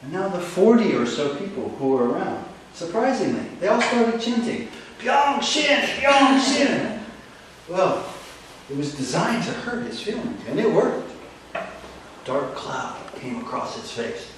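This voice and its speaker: Animated male storyteller in an echoey hall. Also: fairly high pitch. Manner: animated, dramatic pauses. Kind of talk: live stage storytelling. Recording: echoey hall, distant mic, faint noise.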